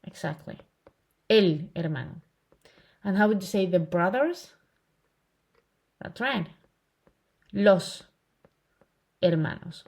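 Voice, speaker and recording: A woman's voice: lowish voice, lively intonation, takes it slowly, long pauses, a little mellow. A woman giving an online lesson, patiently repeating words and checking in with "okay?". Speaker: Spanish teacher.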